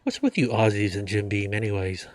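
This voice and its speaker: A rambling man with a drawl talks to the camera in a loose, folksy way. His voice sits on the low side. The sound is dry and close, with no room echo. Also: brisk. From United States. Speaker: vlogger. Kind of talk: casual beer-drinking monologue.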